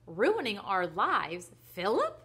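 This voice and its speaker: A woman voicing a cheerful, busy mother from a children's storybook who speaks in a high, loud, sing-song voice. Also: very animated, fairly quick. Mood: exasperated. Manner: bright, high and sing-song, loudly calling.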